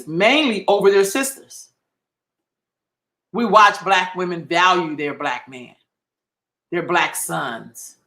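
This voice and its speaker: A man's voice: high voice, pushed and bright, reverberant. A man hosting a livestream, delivering an impassioned, heated monologue full of profanity and emphatic repetition. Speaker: livestream host.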